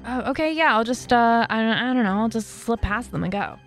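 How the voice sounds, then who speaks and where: A woman's voice: on the high side, expressive, brisk, faint music behind. Woman voicing a hesitant, stammering gnome with a light, friendly tone.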